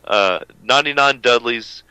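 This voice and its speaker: A man's voice: medium pitch, normal speed, pushed and bright, clear, resonant tone, dry recording, rough recording. A man co-hosting a wrestling radio show, talking in a brash, profane, rambling way. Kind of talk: casual uncensored radio banter.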